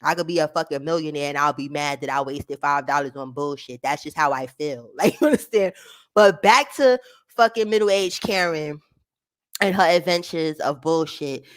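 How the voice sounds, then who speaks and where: A woman vlogger chatting casually to her viewers, ranting loudly with frequent laughter and swearing. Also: sits low, normal speed. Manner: loud, laughing, profane rants. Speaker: vlogger reacting to a clip. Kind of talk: casual livestream chat.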